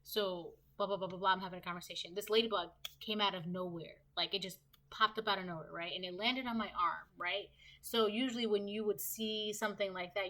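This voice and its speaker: A woman's voice: mid-range voice, fairly bright tone. A woman giving a casual, rambling tarot reading to her viewers, often ending her sentences with "right?". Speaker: tarot reader.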